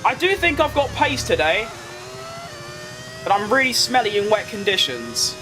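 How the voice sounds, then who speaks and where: Over music, a young man from London streams a racing game, his high-pitched voice swinging widely in pitch at normal speed. The London accent has a posh tinge, and he answers chat with rambling asides in live commentary.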